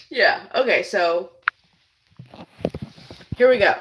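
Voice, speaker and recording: A woman's voice: on the high side, bright, forceful tone, slight background noise, poor audio. A woman hosting a casual cooking demonstration in a kitchen, chatting to viewers as she works. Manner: chatty, keeps addressing viewers as "you guys". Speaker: cooking channel host.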